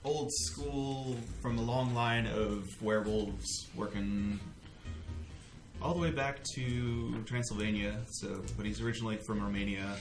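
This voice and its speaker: A man with a fairly low voice plays in a tabletop game, affable and a little hesitant. The room is echoey, and music plays clearly behind him. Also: fairly even intonation, unhurried. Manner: affable, hesitant, hums while deciding. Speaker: player. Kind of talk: casual tabletop play.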